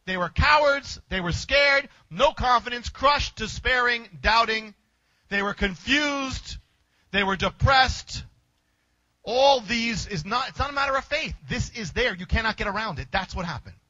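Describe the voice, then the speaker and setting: A man preacher with a high, bright, forceful voice tells a story in short, emphatic bursts. The sound is dry and close, with a dull, lo-fi tone. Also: lively intonation, a little slow, no room sound. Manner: vivid, emphatic retelling in short punchy phrases. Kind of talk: dramatic sermon storytelling.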